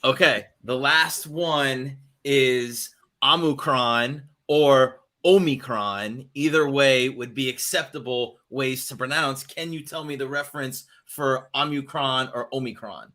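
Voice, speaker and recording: A man hosting a casual morning show, upbeat and quick to laugh as he quizzes his co-host. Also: medium pitch, fairly even intonation, pushed and bright.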